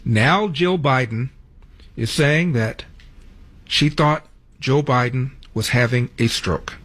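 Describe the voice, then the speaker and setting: A man's voice: measured pace, fairly bright tone. A man hosting a political talk radio show, commenting in a mocking way. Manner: mocking, mimics quotes in a high voice.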